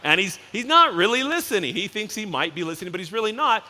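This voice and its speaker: Bright-voiced man giving a keynote. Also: high-pitched, animated. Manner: casual, anecdotal, acts out the characters in quick voices. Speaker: company CEO giving a keynote. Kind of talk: conference keynote speech. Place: large conference hall. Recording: reverberant hall.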